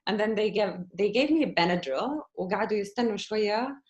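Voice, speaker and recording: A woman guest on a podcast telling a personal story in lively conversation and acting out the dialogue as she goes. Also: mid-range voice, racing, dull audio. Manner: animated, acts out quoted dialogue.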